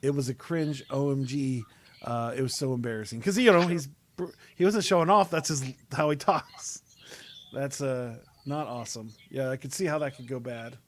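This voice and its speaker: A man hosting a podcast over a video call, chatting casually and rambling with many pauses and fillers. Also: mid-range voice, slight background noise. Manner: rambling, hesitant, lots of uh and um. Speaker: podcast host. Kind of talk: casual chat.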